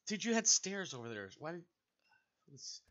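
A man's voice: a little high, fairly bright tone, muffled recording. A man streaming a game with friends, chatting casually and laughing often over voice chat. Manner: laughs often, quick reactions.

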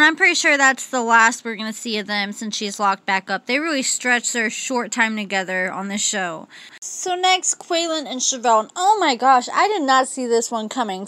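Bright, chatty woman vlogger. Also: fairly high pitch, no room sound. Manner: gossipy and animated, with frequent asides. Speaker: reality TV recap vlogger. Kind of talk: casual chatty recap.

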